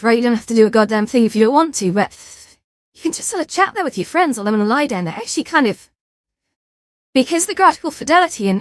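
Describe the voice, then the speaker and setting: A woman's voice: high-pitched, no room sound, studio quality. A woman streaming from a VR game, chatting casually with her viewers, self-mocking and lightly swearing. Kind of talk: casual live-stream chat.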